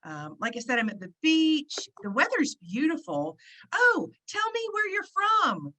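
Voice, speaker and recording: A woman hosting an online gathering over a video call, chatty and excitable, with lots of fillers. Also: high-pitched, measured pace, rough recording. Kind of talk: casual chat. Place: at the beach, indoors.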